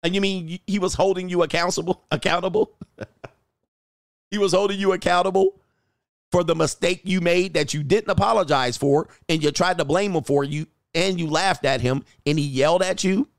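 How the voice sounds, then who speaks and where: A man's voice: high-pitched, moderate pace, dry recording, studio quality. A dating coach giving blunt, profane reaction commentary, laughing at his own points and firing off mocking rhetorical questions.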